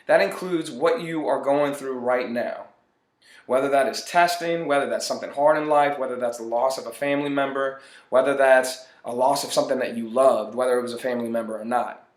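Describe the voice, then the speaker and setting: A man's voice: medium pitch, fairly quick. Earnest male motivational speaker, mid-range voice, echoey room. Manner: earnest, repeats phrases for emphasis. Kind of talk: motivational monologue. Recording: roomy echo.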